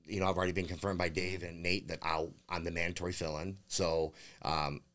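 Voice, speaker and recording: A bare-knuckle fighter, a man, is a guest on a casual interview, rambling through stories packed with swearing and fillers. His voice sits low and his delivery is flat, brisk, and a bit bright.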